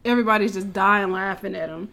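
A woman recapping a show in casual, animated storytelling, swearing freely and acting out the characters' lines. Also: medium pitch, quick pace, creaky. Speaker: podcast co-host recapping a show.

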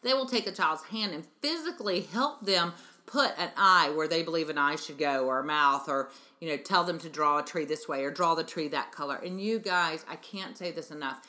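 Bright, emphatic woman hosting a parenting talk. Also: low-pitched, normal speed. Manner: earnest, emphatic, addresses listeners as "you guys". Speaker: parenting show host and preschool educator. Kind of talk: radio-style parenting talk monologue.

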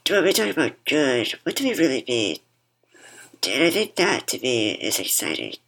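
Very low, husky woman speaking through a mask. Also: very animated, normal speed, a bit bright, poor audio. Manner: thoughtful, sometimes repeats words. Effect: speaks through a worn mask. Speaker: podcast guest. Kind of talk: reflective conversation.

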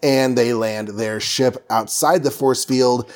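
A man's voice: mid-range voice, steady tone, takes it slowly. A man recapping a comic book in a casual, playful, rambling way with many fillers.

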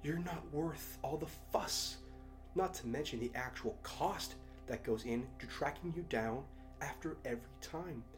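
A man's voice: mid-range voice, a little slow, faint music behind, pitched above the performer's own voice, natural voice. A man reading aloud and voicing a cold, contemptuous father who speaks in a clipped, scornful way.

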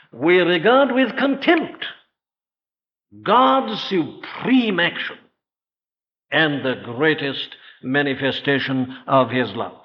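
Man, preacher, fairly high voice, earnest rhetorical questions, slows for emphasis, muffled lo-fi old recording. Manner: slows down to stress key phrases. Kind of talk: evening sermon. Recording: dull lo-fi old sermon recording.

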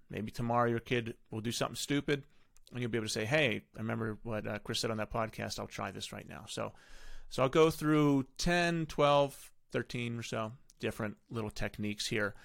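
A man's voice: mid-range voice, vocal fry, fairly bright tone, no echo, studio quality. A middle-aged man hosting a podcast, giving casual, rambling parenting advice full of self-corrections. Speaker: podcast host.

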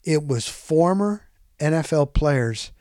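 A middle-aged man hosting a podcast, telling a rambling story in a casual, animated way and often correcting himself. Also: fairly high pitch, takes it slowly, no echo, studio quality. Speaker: podcast host.

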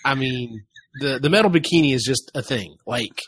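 A man's voice: mid-range voice, moderate pace, background noise. A man hosting a casual podcast chat, rambling with restarts and swearing now and then. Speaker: podcast host.

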